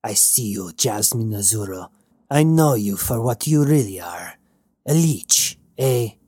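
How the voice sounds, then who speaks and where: A man's voice: lowish voice, animated, a little slow, mellow, husky, dry recording, clean studio sound. A man reading an audiobook, voicing a huge, stern woman pirate who speaks in a sneering, curt way.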